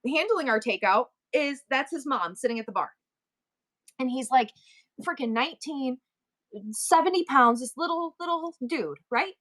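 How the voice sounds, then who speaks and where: A woman's voice: high-pitched, normal speed. Chatty middle-aged woman, rambling storyteller. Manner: animated, rambling storyteller with many asides and restarts. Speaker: live-stream seller and host. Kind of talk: casual storytelling chat.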